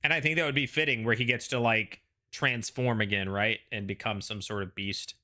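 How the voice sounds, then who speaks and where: A man's voice: lowish voice, fairly even intonation, fairly quick, pushed and bright. A man hosting a casual panel chat, rambling with lots of "like" and "you know" and frequent restarts. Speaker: show host.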